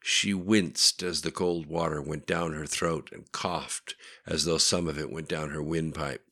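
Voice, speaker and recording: A man reading a story aloud in a steady, plain narrating voice. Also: a bass voice, a little slow, few pauses. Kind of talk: audiobook narration.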